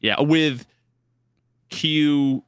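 A man co-hosting a gaming podcast, talking in a relaxed, rambling way and often restarting his sentences. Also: on the high side, drawn-out words, smooth, dry recording, clean studio sound. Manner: relaxed, rambling, trails off mid-thought. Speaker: podcast co-host. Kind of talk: casual gaming chat.

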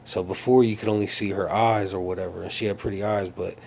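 A man with a somewhat low voice tells a long dream story in a casual, rambling way. He circles back, restarts sentences and leans on fillers as he searches for words. His tone stays earnest and reflective, with a faint hiss of background noise. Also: fairly even intonation, quick pace, creaky, a little mellow.

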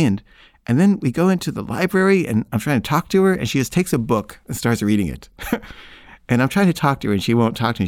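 A man's voice: medium pitch, no echo. A man telling a personal story in a casual, rambling way, with frequent filler words. His intonation swoops widely up and down as he talks. The recording is dry and close, with no room sound.

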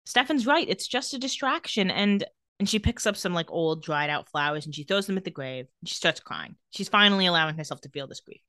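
A woman's voice: fairly low pitch, animated, brisk, sharp tone, no room sound, clean studio sound. A woman co-hosting a podcast, recapping a TV episode in casual chat with sassy asides.

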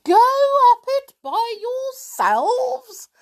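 A woman's voice: mid-range voice, sing-song, a little slow, voice pushed up. A woman voicing a chatty old male elf with a very long beard, fussy and fond of jokes, in a storybook reading. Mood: alarmed.

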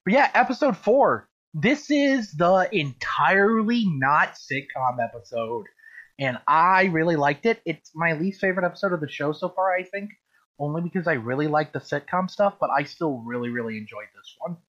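Man, podcast host, casual chat, lively pitch swings, swears a lot, muffled lo-fi sound. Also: normal speed. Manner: animated, swears freely, laughs often. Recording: dull lo-fi recording.

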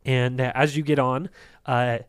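A man's voice: medium pitch, flat delivery, a little slow, smooth, dry recording, clean studio sound. A man narrating a tabletop game as game master, rambling with many hesitations and frequent laughs.

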